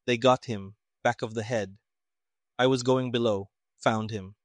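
A man voicing a quiet, gruff army major. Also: fairly even intonation, measured pace, dry recording, natural voice. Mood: quiet, grim. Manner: low muttering, quiet. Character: older thick-set male army major, quiet. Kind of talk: audiobook reading.

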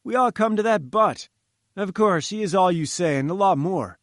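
A man's voice: high-pitched, lively intonation, normal speed, no echo, clean studio sound, voice pushed up. A man doing a breezy young reporter. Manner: breezy and chummy. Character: cheerful young male journalist, breezy.

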